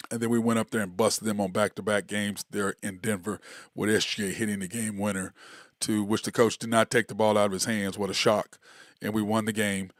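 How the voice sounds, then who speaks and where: A man's voice: fairly low pitch, level tone, a little fast, no echo, studio quality. A man hosting a solo sports talk show, rambling and sarcastic, full of fillers and restarts.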